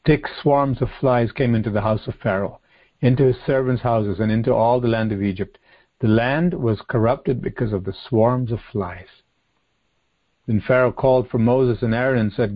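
A man preaching a sermon, reading scripture aloud and explaining it earnestly, slowing down and repeating phrases for emphasis. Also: mid-range voice, lo-fi sound. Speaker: pastor. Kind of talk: sermon, expository Bible teaching.

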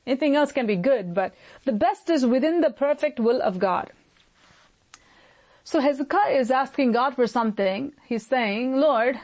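A woman's voice: on the high side, a little mellow. Earnest woman pastor preaching. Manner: earnest, emphatic, shifts pace often. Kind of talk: sermon.

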